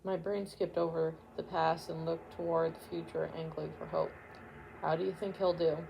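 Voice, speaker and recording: A woman reading a memoir aloud chapter by chapter, steady, with occasional stumbles and restarts. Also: low-pitched, normal speed, vocal fry, a little hiss or hum, low-quality recording. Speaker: audiobook reader. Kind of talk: amateur book reading aloud.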